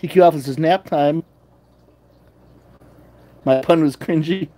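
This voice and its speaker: Casual livestream host who reads viewer comments aloud and answers them, breaking into high baby talk at kittens. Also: a little slow, mellow. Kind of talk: casual live chat with viewers.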